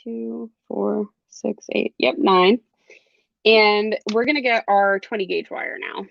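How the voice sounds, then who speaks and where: Young woman chatting thru a bead class, bit of vocal fry, dull lo-fi sound. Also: mid-range voice, fairly even intonation, slow pace, no echo. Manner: chatty, laughs often, lots of ums. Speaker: jewelry class instructor. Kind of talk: live online craft class.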